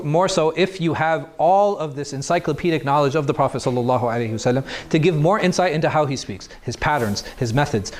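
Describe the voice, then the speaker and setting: A man lecturing a class, explaining things step by step and asking the students questions he then answers himself. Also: mid-range voice. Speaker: teacher. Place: mosque classroom.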